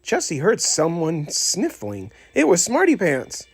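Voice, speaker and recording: Guy reading a kids storybook out loud, super expressive, bouncy pitch, soft music under it. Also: measured pace, breathy edge, no echo. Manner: expressive storyteller voicing every character. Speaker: audiobook narrator. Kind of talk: scripted read-aloud narration.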